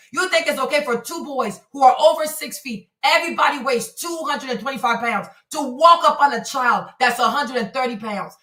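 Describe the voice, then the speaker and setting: A forty-something woman with a high, sharp voice calls out her audience on a live stream. She talks emphatically and confrontationally, as if arguing with the viewers. Her voice comes through a mic set well away from her, with a roomy echo. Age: 40s. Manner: emphatic, confrontational, repeats rhetorical questions. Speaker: streamer and commentator. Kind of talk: heated live-stream commentary. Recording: roomy sound from a distant mic.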